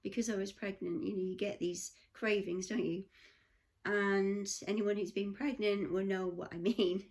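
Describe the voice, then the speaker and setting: A woman's voice: mid-range voice, steady tone, moderate pace, darkish tone. An English woman vlogger telling a rambling personal story in a chatty way, full of asides. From England. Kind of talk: casual storytelling.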